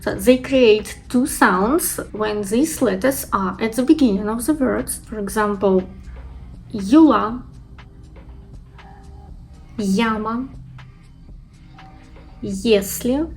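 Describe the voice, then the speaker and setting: A woman teaching pronunciation, sounding out syllables slowly and carefully. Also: fairly high pitch, animated, darkish tone, soft background music, poor audio. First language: Russian. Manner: slow, careful demonstration of sounds. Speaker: Russian language teacher. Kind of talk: pronunciation lesson.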